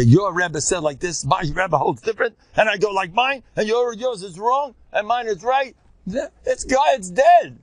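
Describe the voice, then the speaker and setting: An older man giving an informal Torah lecture, animated, swinging between loud bursts and quiet asides and peppering his talk with Yiddish and Hebrew terms. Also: sits high, dry recording.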